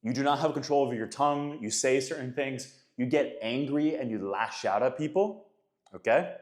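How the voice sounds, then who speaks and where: A man's voice: medium pitch, moderate pace. A man in his thirties giving an emphatic, casual motivational talk on faith and self-discipline, often calling listeners guys and man. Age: 30s. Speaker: faith and men's coach. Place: Florida.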